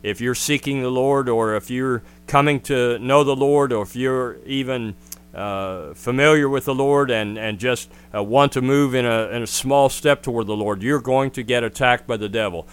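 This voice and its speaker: A man preaching a sermon in an earnest, direct way, often pausing with "uh". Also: mid-range voice, clear, resonant tone. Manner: earnest, with frequent "uh" fillers.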